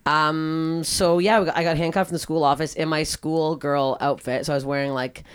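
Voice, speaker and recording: A young woman from Canada chatting as a guest, telling stories in a lively, profane way and acting out quoted lines. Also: low voice, moderate pace, smooth. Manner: animated, profane, acts out quotes. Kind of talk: casual storytelling chat.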